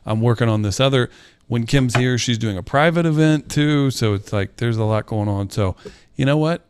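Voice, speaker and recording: A man producing a podcast, chatting casually in a rambling, hurried way. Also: mid-range voice, a little hiss or hum. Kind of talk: casual chat.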